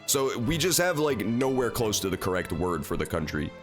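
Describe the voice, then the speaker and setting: Young male let's-player, profane and jokey, lively delivery. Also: lowish voice, normal speed, faint music behind. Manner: profane, joking, laughing. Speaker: let's play host. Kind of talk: casual gameplay commentary.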